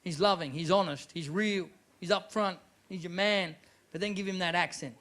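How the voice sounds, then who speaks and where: Bright-voiced Australian comic, animated. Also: male voice, sits high, normal speed. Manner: animated, mocking, profane. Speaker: stand-up comedian. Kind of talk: live stand-up set. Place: live comedy venue.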